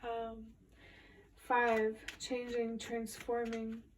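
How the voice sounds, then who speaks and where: Tarot reader lady, highish flat voice, kinda far from the mic, rambly intuitive musing. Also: extremely slow, slight background noise. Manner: musing, meandering intuitive commentary. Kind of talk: casual spoken tarot reading. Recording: voice a bit distant from the mic.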